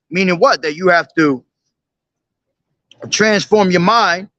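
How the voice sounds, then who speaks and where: A man with a high, bright, ringing voice preaches from scripture. He reads each verse slowly, then breaks it down, asking "okay?" and "all right?" again and again. The sound is dry and close, with no room around it. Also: no room sound. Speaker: street preacher. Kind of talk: street preaching, reading and explaining scripture.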